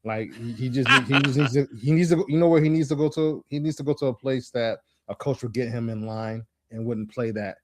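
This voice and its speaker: Guy on a sports podcast, talks in stops and starts, lots of you know, mid-pitch, dry sound. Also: a little mellow, no room sound. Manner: halting, many restarts and "you know"s. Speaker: podcast co-host. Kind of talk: casual sports chat.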